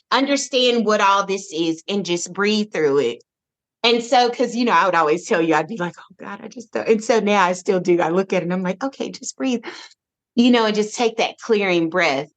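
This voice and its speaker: A woman guest on a podcast, telling her parenting story in an expressive, animated way, with frequent restarts. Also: mid-range voice. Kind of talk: casual conversational interview.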